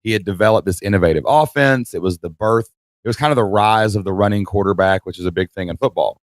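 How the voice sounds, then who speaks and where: Animated man telling a story, dry sound. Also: fairly low pitch, quick pace, no room sound. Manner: animated, acts out voices, laughs mid-story. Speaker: podcast co-host. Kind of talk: casual storytelling chat.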